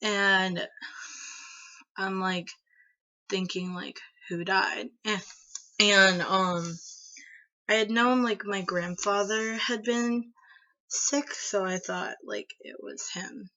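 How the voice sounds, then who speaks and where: A young woman in her early twenties from the United States tells a personal story to the camera at an unhurried pace. Her bright voice rambles, with plenty of "like" and "um". The audio is dull and lo-fi. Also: medium pitch, fairly even intonation. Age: early 20s. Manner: rambling, filler-heavy with frequent "like" and "um". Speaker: vlogger.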